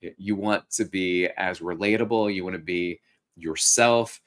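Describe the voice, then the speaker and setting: Low-voiced upbeat podcast host, a man. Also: a little slow. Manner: upbeat, coaching, jokey. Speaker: podcast host and fitness instructor. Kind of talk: casual podcast monologue.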